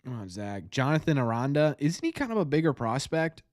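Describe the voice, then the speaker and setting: A man hosting a fan show, commenting live on a game as he watches, nervous and excitable, repeating his cheers. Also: medium pitch, brisk, dry recording, clean studio sound.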